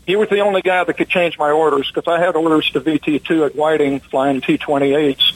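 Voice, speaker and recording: Relaxed older man telling old stories. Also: on the high side, a little fast, poor audio. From United States. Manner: relaxed, rambling with many "uh" fillers. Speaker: guest, retired pilot. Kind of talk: casual storytelling interview.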